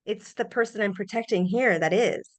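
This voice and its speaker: A middle-aged woman hosting a podcast, sharing personal reflections in an earnest, animated way with frequent restarts. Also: medium pitch, normal speed. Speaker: podcast host.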